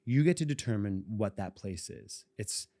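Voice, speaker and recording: He's a forties-something podcast co-host from Boston whose voice sits on the low side with a dark tone and lively intonation. At a normal pace he tells a long, rambling personal story, chuckling often, on a dry recording.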